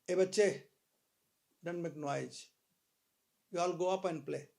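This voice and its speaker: A man giving a live spiritual talk, telling stories with dramatic pauses and sudden swells in volume. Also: on the high side, gravelly, warm tone. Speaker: spiritual speaker. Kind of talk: sermon with anecdote.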